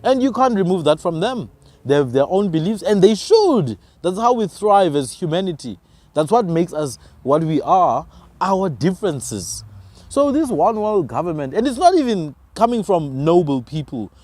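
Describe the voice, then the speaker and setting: Man, slightly high voice, animated and preachy, podcast talker. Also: moderate pace, no room sound. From South Africa. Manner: emphatic, preachy, rhetorical questions. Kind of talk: passionate conversational argument.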